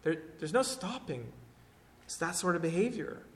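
Guy preaching a sermon, kinda high voice, goes quiet then loud and pushy. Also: very animated, normal speed. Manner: preaching with swings from hushed to forceful. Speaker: pastor.

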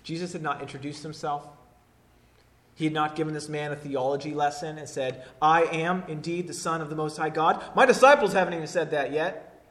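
A man preaching a sermon, moving between hushed, intimate lines and loud, forceful declarations. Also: fairly high pitch, fairly quick. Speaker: pastor.

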